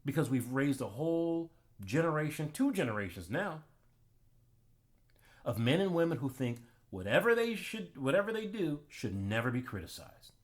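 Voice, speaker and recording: A man's voice: fairly high pitch, big pitch swings, moderate pace. A man hosting his own channel, giving an emphatic, preachy commentary monologue and telling personal anecdotes. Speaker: channel host.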